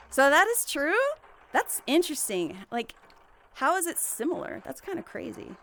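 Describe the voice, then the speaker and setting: A woman's voice: high-pitched, sing-song, unhurried, fairly bright tone. A young woman livestreaming, chatting casually and rambling with giggles and restarts.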